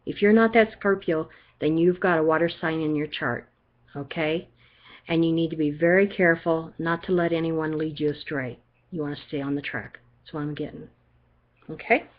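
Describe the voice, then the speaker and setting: A woman's voice: sits low, fairly even intonation, moderate pace. An older woman doing a chatty, reassuring psychic card reading, often checking in with "okay?". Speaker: psychic reader. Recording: dull lo-fi recording.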